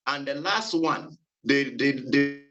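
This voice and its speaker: A man presenting a seminar on phonology, reading in a halting way with many fillers and repeated words. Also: medium pitch, dull audio, over music. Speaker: student presenter.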